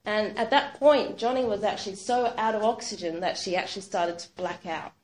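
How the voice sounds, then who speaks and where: A woman retelling a true story aloud, animated and casual, with lots of "sort of" and "like". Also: medium pitch, a little fast. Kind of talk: spoken storytelling. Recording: roomy echo.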